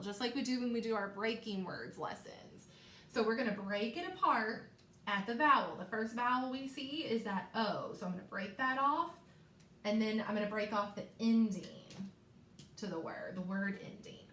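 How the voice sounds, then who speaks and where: A woman with a slightly high voice teaches a phonics lesson to young children. She talks slowly and encouragingly and repeats each sound for them to echo. The recording is echoey, with a faint hiss behind her. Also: pushed and bright.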